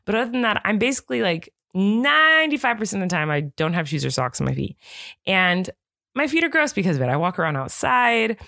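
A woman in her thirties, from Santa Barbara, co-hosting a podcast in casual chat, giggly and animated as she tells stories. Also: mid-range voice, fairly quick, gravelly, no room sound, studio quality. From Santa Barbara, California. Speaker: podcast co-host.

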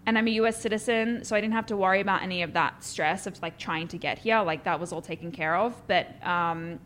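A woman with an Australian accent chatting casually as a guest, animated and full of fillers. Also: fairly low pitch, fast, a little hiss or hum. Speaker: guest actress. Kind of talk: casual chat.

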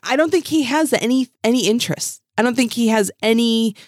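A woman's voice: on the high side, a little fast, dry recording, studio quality. A woman co-hosting a podcast, chatting animatedly and swearing, often trailing off mid-thought. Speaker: podcast co-host. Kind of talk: casual chat recapping a reality show.

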